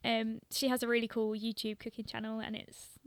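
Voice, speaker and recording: A woman's voice: a little high, monotone, a little fast, dry recording. A young woman with a London accent, chatting casually as a guest, laughing often and filling her talk with "like" and "um". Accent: London English. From London, England. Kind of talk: casual chat.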